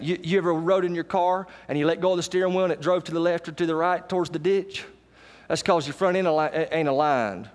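A male pastor preaching to his congregation in a folksy, direct way, jumping from loud, high bursts to low, quiet lines. His voice sits fairly high for a man, and long reverb from the church hall trails each phrase. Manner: folksy, calls out to the congregation, swings from loud highs to low murmurs. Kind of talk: sermon. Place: church sanctuary.

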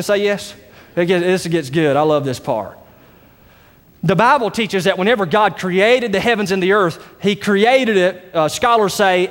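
A man's voice: sits high, fairly bright tone, in a large hall. A man preaching a sermon as pastor, emphatic with folksy asides. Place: church sanctuary.

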